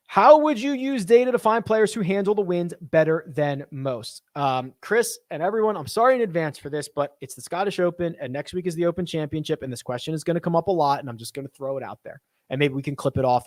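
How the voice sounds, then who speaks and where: Casual live-stream host, young man, slightly higher voice, dry close mic, thinks out loud. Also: fast talker, no room sound. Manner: chatty, thinks aloud, reads viewer questions.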